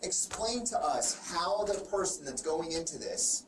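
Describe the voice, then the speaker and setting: A man's voice: on the high side, animated, measured pace. A man working as a police detective, bluntly lecturing and pressing a suspect in an interrogation. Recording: echoey, distant, noisy room recording.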